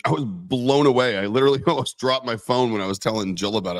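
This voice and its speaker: A man's voice: mid-range voice, fast, no room sound. Chatty man with a roaming American accent. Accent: mixed American accent from many moves. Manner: rambling, self-interrupting, repeats words. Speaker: co-host, company owner. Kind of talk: casual livestream chat.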